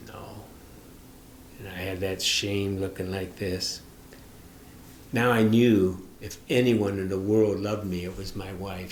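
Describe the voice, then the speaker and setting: A man's voice: lowish voice, a little hiss or hum. A middle-aged man, a minister, giving an earnest, confessional teaching talk and speaking straight to the listener. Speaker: minister and author. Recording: roomy echo.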